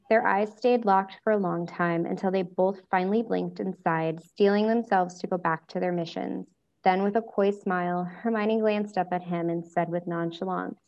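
A woman hosting a podcast and reading a story aloud in a calm, even way. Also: fairly low pitch, moderate pace, dull audio. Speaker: podcast host and reader. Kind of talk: reading fan fiction aloud.

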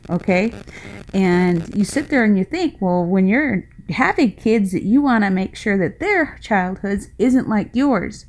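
A woman's voice: medium pitch, expressive, unhurried. A middle-aged woman talks through her own podcast in a loose, rambling, folksy monologue. She speaks with passion and laughs now and then. She is slightly short of breath. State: a little out of breath. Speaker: podcast host. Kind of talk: casual personal podcast monologue.

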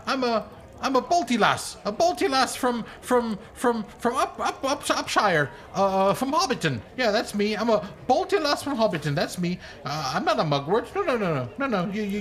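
A man voicing a shifty, smelly male halfling thief with a squeaky, whiny voice. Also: fairly bright tone, full character voice.

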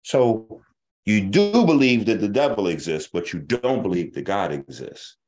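A man's voice: lowish voice, expressive, measured pace, a little mellow. A man hosting an online talk show, delivering a casual, profane monologue and acting out the people he argues with.

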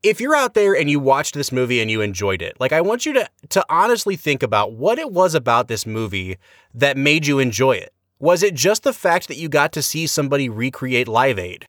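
A man's voice: brisk, dry recording, clean studio sound. A man co-hosting a podcast, giving an emphatic, exasperated movie review in casual chat. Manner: animated, emphatic, exasperated critique with big pitch swings. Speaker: podcast co-host, film reviewer.

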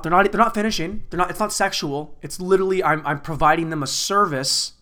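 A man hosting a podcast in a casual comedic rant, rambling, crude and self-mocking, swinging between loud bursts and low mutters.

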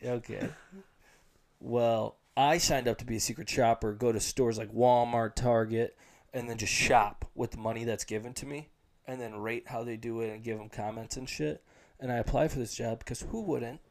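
A young man co-hosts a casual podcast chat at an ordinary pitch. He tells a story with lively, mocking energy and crude jokes, talking with his friends around him. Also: normal speed. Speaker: podcast co-host.

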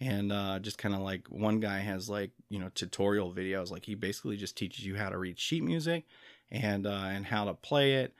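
Man, low gravelly voice, rambling casual chat, dry close sound. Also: fairly quick, no room sound. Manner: rambling, filler-heavy, laughs easily. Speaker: guest.

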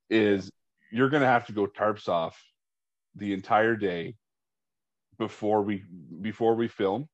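A man's voice: lowish voice, dry recording. A man co-hosting a podcast in casual, easygoing banter. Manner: easygoing, lots of quick agreement. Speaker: podcast co-host. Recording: dry, dull lo-fi sound.

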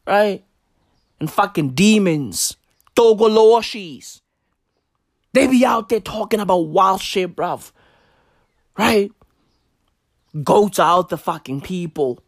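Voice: medium pitch, no echo, clean studio sound. A speaker from Africa, delivering a profane comic rant and constantly asking the listener "right?". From South Africa. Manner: keeps asking the listener "right?", heavy swearing, drawn-out emphasis. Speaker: vlogger.

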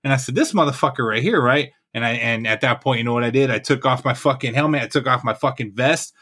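A man with a bright, forceful voice, talking loosely and profanely on a podcast. He tells his stories with plenty of energy and keeps tagging his points with "right?". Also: medium pitch, fast talker. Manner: swears heavily, animated, says "right?" often. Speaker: podcast co-host. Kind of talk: casual profane chat, storytelling.

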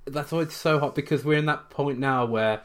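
A man co-hosting a casual podcast, drifting through anecdotes with plenty of ums and restarts. His voice sits at an ordinary middle pitch. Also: a little fast. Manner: rambling storyteller, many fillers and restarts. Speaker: podcast co-host. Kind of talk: casual chat.

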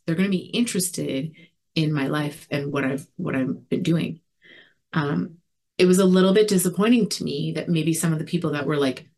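Woman, recovery share, earnest, reflective, halting delivery, lots of fillers. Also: deep voice, a little mellow. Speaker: recovery community speaker.

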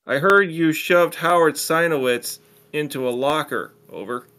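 A man's voice: fairly high pitch, unhurried, bright, forceful tone, voice pushed up. A man voicing a young male radio-ham friend who is chipper and fussy about radio etiquette, in a story he reads aloud.

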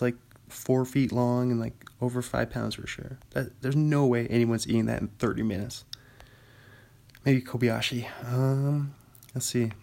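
Young guy rambling thru his podcast, chatty, laughs a lot, mid pitch. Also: gravelly, a little mellow. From Washington state, US. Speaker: podcast host. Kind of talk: casual solo chat.

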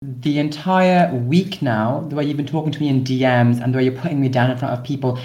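A man's voice: mid-range voice, fairly even intonation, fast talker, dark tone. Ranting exasperated young man. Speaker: podcast co-host. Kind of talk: comedic scripted podcast sketch.

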